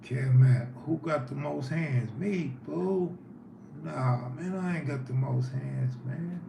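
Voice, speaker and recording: A man's voice: medium pitch, a little slow, vocal fry. A man hosting a casual livestream, talking loosely and reacting to viewers' comments. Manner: loose and conversational, reacting to chat. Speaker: livestream host. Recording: echoey room with faint background noise.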